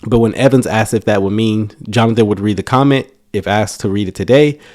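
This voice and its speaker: A man's voice: fairly low pitch, brisk, darkish tone. A man reading a news article aloud and commenting on it in a casual, emphatic way, often restarting his words. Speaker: YouTube commentator.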